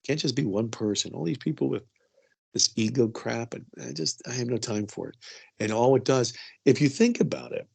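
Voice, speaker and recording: A man's voice: medium pitch, moderate pace, vocal fry, darkish tone, breathy edge. A middle-aged man telling a personal story as an interview guest, chatty and full of "you know" asides.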